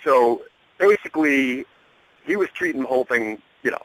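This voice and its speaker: A middle-aged man telling a lively backstage story as a radio guest, acting out the people in it and laughing often. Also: mid-range voice, moderate pace, rough recording. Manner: animated storyteller, laughs often, acts out quotes. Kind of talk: casual anecdote over a radio show.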